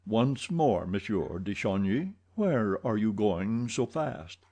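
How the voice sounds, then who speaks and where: A mysterious older man, as a male narrator plays him, speaks slowly and gravely, weighing every word. His voice is warm and mellow, pitched near the narrator's own, in a classic audiobook reading. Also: sing-song, exaggerated voice. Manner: slow, grave, sighing.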